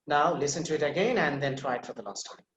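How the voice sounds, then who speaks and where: A man teaching English pronunciation in an online class, patiently repeating words slowly so a student can copy them. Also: a little high, fairly bright tone, highs cut off. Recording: echoey room with faint noise.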